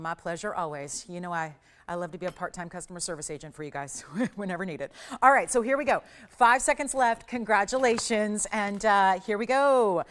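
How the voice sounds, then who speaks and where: A woman's voice: on the low side, smooth. Gushing woman selling jewelry on air. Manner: gushing, chatty, repeats words for emphasis. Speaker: shopping channel host. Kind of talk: live on-air sales pitch. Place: television studio.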